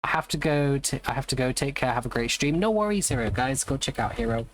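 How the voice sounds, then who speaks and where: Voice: medium pitch, expressive, fast, slight background noise. A live streamer in casual chat, rambling and greeting viewers by name.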